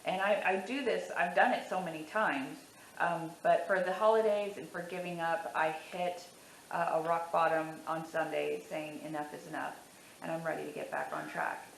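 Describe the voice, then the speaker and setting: A woman's voice: low voice, creaky, reverberant, a little hiss or hum, rough recording. A woman talking candidly to camera about her weight loss, emotional and teary, repeating herself for emphasis. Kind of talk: casual to-camera vlog.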